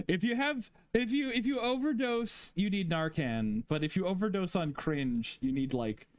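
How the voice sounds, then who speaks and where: A streamer ranking fan fiction chapters chats casually with a friend, laughing often and rambling through restarts. His voice is high and expressive at a measured pace, with no echo.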